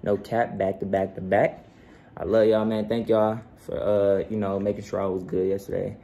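A man's voice: lowish voice, little pitch movement, normal speed, creaky, mellow, muffled recording. A young man and father chatting casually to his viewers in a laid-back, slangy way from home. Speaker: vlogger and father. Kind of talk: casual vlog chat.

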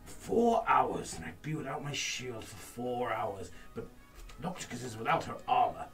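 A man's voice: mid-range voice, sing-song, a little slow, fairly bright tone. A man playing a dwarf-like warrior in a tabletop game, stammering and playful. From England. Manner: stammering, playful in-character banter. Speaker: player. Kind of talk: in-character tabletop role-play. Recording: distant mic with background music.

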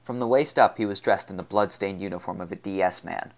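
A man reading a science fiction novel aloud as narrator, in an even, unhurried storytelling manner. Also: sits low. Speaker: audiobook reader. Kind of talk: scripted narration.

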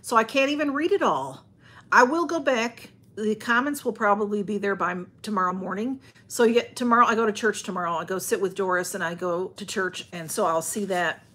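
A woman's voice: medium pitch, brisk, fairly bright tone, breathy edge. A woman chatting on a livestream from home, rambling and greeting viewers by name as she reads their comments. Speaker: livestream host. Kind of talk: casual livestream chat.

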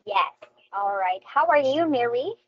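A woman's voice: fairly high pitch, animated, unhurried, muffled recording. A woman teaching an online English lesson to a young child, coaxing and sing-song, heard over a video call.

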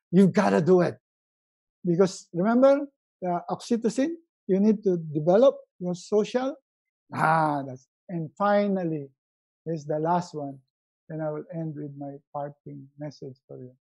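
A middle-aged man giving a motivational webinar talk, acting out quotes in a raised, animated voice. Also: sits high, normal speed. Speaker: motivational speaker.

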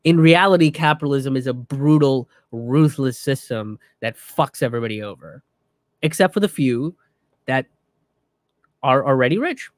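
A man's voice: medium pitch, lively intonation, normal speed, no room sound, studio quality. A young man and comedian giving heated, profane political commentary, ranting and restarting his sentences.

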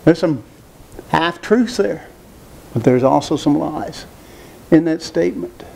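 Male preacher, high voice, emphatic sermon delivery with rhetorical questions. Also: animated, slow, gravelly, warm tone, a little hiss or hum. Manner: emphatic, asks rhetorical questions, repeats phrases.

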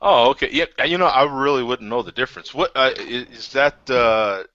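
A man hosting a casual podcast chat, excitable and laughing often. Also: medium pitch, normal speed, no room sound. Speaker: podcast host. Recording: lo-fi online call audio.

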